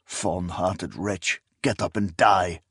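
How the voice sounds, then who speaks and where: Bitter lone barbarian warrior, low and hissing, read by a male narrator. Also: steady tone, slow, a bit bright, breathy edge, no room sound, clean studio sound, exaggerated voice. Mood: bitter, despairing. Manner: grim, hissing under his breath. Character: embittered lone barbarian warrior, proud and broken.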